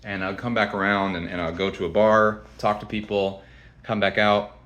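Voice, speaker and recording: Low-voiced man telling a rambling story. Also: flat delivery, normal speed, fairly bright tone, dull audio. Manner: rambling, blunt, profane, many restarts. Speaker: vlogger. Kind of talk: casual storytelling to camera. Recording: echoey room.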